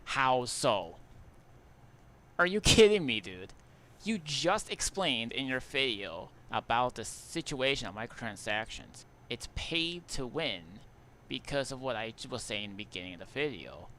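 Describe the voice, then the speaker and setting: A man's voice: medium pitch, expressive, unhurried, sharp tone. A man giving argumentative video commentary, arguing indignantly about game microtransactions. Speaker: YouTuber in a clip being reacted to.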